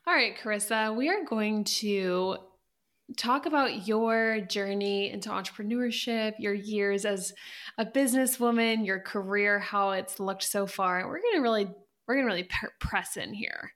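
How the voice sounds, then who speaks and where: A woman's voice: mid-range voice, moderate pace, fairly bright tone. A young woman co-hosting a podcast, interviewing her friend in a playful, upbeat casual chat.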